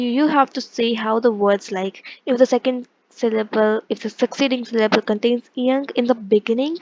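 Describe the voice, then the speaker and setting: A woman's voice: on the high side, a little mellow, dry recording, highs cut off. A woman teaching an online language lesson, explaining step by step and often correcting herself mid-sentence. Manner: explains step by step, with frequent self-corrections and fillers.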